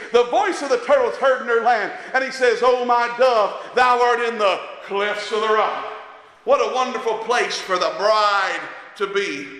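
A man preaching a sermon, impassioned and rising to shouts at times, recorded in an echoey church hall. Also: extremely high pitch. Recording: echoey hall with long reverb.

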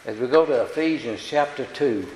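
A man's voice: mid-range voice, expressive, fairly quick, a little mellow, slight background noise. A man preaching a sermon in a church, folksy and plain-spoken, often checking in with the congregation through tag questions. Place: church sanctuary. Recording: echoey hall reverb.

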